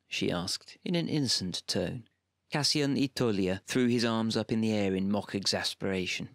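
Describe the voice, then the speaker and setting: Male narrator, gravelly, mid pitch, dry close recording, measured read. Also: lively intonation, no room sound. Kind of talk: scripted narration of game lore.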